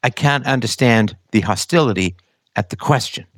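A man giving a casual monologue, animated and argumentative, posing rhetorical questions. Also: mid-range voice, moderate pace, no room sound. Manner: animated, acts out other people's voices in quotes.

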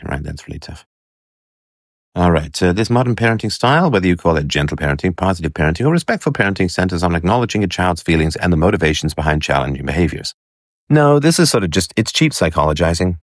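A man giving commentary as he reads an article and reacts to a clip, halting with fillers and scornful asides. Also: rumbling low, dry recording, clean studio sound.

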